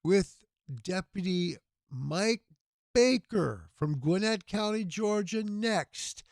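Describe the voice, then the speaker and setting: A man hosting a livestream telethon, earnest and preachy, speaking with a hoarse, tired voice. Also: sits high, animated, slow pace, darkish tone, no echo, studio quality. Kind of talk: casual livestream talk with prayer.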